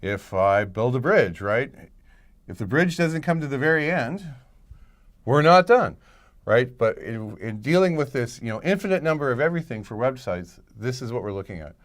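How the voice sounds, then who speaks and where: A man's voice: medium pitch, lively intonation, moderate pace. A middle-aged male professor giving a recorded lecture in a conversational way, thinking aloud and checking in with "right?". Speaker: college professor.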